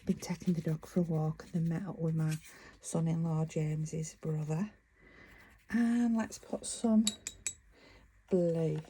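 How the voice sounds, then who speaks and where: Slow-talking Lancashire woman crafting. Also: sits low, fairly even intonation, warm tone, a little hiss or hum, low-quality recording. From northern England. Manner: chatty, self-interrupting, talking while working. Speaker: craft vlogger. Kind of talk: casual crafting tutorial.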